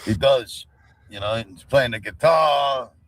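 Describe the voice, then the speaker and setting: A man's voice: medium pitch, slow, fairly bright tone, low-quality recording. A man talking as a guest on a livestream in casual chat, rambling and repeating himself. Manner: rambling, repeats "you know what I mean".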